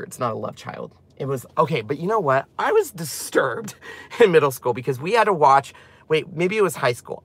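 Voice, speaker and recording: Give me a chatty, excitable man with a somewhat high voice casually walking through a craft product. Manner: chatty, rambling, easily excited. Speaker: crafting channel presenter.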